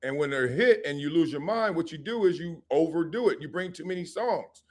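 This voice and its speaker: A middle-aged man, a former football player, hosting a live sports talk stream and telling stories in a lively, joking way. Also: a little high. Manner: animated storytelling with laughs and quick asides.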